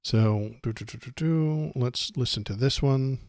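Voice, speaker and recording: A man's voice: medium pitch, measured pace, darkish tone, no echo, clean studio sound. A man hosting a political livestream, ranting sarcastically and tripping over his words. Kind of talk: casual political commentary.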